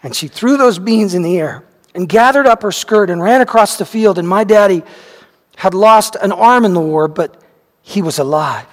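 An elderly farm woman tells a childhood memory in a gentle, homely way, as a preacher reads her words aloud. The voice sits rather high, and a long hall reverb trails after each phrase. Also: expressive, normal speed. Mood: tender recollection.

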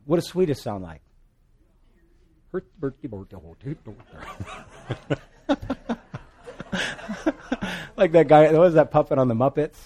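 Lively pastor from Hawaii. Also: male voice, a little slow, pauses often. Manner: animated, joking asides, pitch and volume swing widely. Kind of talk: sermon.

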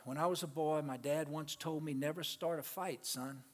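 A male pastor preaching a sermon to his congregation, swinging between loud, emphatic peaks and quiet asides and calling out to the people in the pews. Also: fairly high pitch, steady tone, moderate pace. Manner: calls out to the congregation. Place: church sanctuary. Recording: long reverb of a large hall.

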